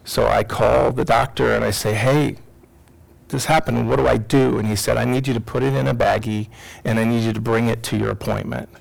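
A middle-aged man, a psychologist and teacher, telling an emotional personal story to an audience, swinging from loud to hushed. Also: medium pitch, flat delivery, fast talker, creaky, few pauses, low-quality recording.

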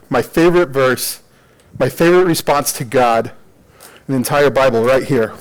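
Guy with a high voice doing a chill joking sermon, animated, says like a lot. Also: normal speed, low-quality recording. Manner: animated, joking retelling with lots of "like". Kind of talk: casual sermon storytelling.

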